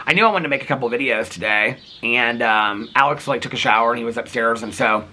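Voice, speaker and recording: A man's voice: medium pitch, fast, pushed and bright, a little hiss or hum. A middle-aged man vlogging casually in a chatty, rambling way, often laughing. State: out of breath. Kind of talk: casual vlog chat.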